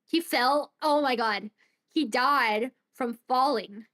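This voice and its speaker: Excitable woman streamer, high voice. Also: slow. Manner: excitable, reacting aloud. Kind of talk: casual game commentary. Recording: streamed voice over game music.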